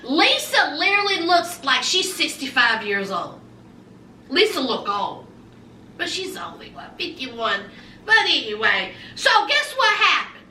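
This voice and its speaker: A woman's voice: sits high, sing-song, unhurried, bright, forceful tone, roomy sound, far from the mic, a little hiss or hum. A woman in her forties giving a sassy, emphatic recap of a reality show, repeating lines for effect. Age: 40s. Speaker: TV show reviewer.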